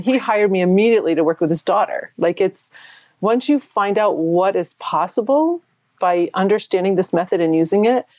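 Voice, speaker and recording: A woman's voice: mid-range voice, dry recording. Chatty woman in her sixties, dry sound. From New Hampshire, USA. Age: 60s. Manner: chatty, laughs often, animated retelling with quoted voices. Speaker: guest, performance coach. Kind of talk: casual interview storytelling.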